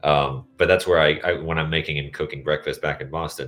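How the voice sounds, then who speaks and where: Very deep-voiced rambling man. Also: fairly even intonation, fairly quick, a bit bright, faint music behind. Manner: rambling, tangent-hopping. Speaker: podcast co-host. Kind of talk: casual chat.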